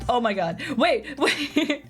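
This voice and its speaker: Giggly, rambling young woman streamer. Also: high voice. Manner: rambling, giggly, many "like" fillers. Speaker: streamer playing a game. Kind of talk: casual live-stream chat.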